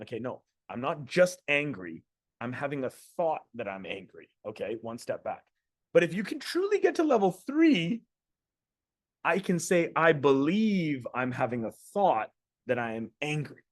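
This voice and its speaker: A man's voice: on the high side, no echo, studio quality. Blunt, casual man giving a motivational talk. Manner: casual and blunt, swears, repeats words while thinking aloud. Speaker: men's coach. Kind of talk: motivational talk to a group call.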